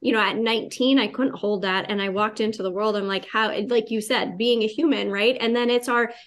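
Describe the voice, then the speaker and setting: A woman hosts a podcast with a fairly high voice. She speaks in a thoughtful, reflective way and draws out words for emphasis. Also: fairly even intonation. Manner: reflective, spiritual, drawn-out emphasis. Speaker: podcast host. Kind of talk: casual podcast conversation.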